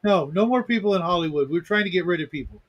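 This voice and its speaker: Fast-talking high-voiced crude man. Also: animated, lo-fi sound. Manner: crude, blunt, rapid-fire. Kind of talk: casual podcast banter.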